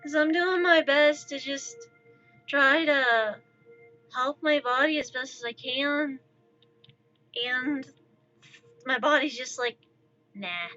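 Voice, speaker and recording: A woman's voice: high voice, fairly even intonation, slow pace, pauses often, pushed and bright, highs cut off, soft background music. A woman in her thirties ranting exasperatedly during a casual livestream chat, her voice slightly altered after intubation. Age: 30s. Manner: exasperated, rambling rant. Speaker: streamer.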